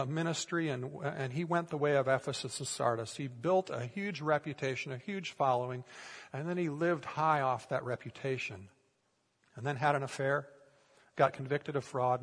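A male pastor preaching a sermon, telling a story and then easing into a soft, prayerful invitation. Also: medium pitch, vocal fry. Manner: storytelling, growing soft and hushed toward a prayerful close. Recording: long reverb of a large hall.

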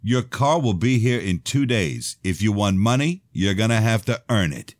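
A stern, domineering old preacher, put on by a man reading his novel aloud, booming and calculating. The voice sits low but swings widely in pitch. It is recorded close and dry. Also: expressive, normal speed, dry recording, close to an everyday voice. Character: domineering older male preacher, cold and controlling.

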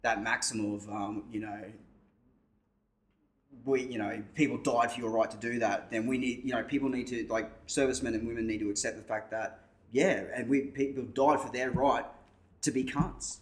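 A man's voice: medium pitch, fairly even intonation, normal speed. An Australian man co-hosting a podcast, talking through his views in a thoughtful, rambling casual chat. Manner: thoughtful, rambling, with restarts and swearing. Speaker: podcast co-host.

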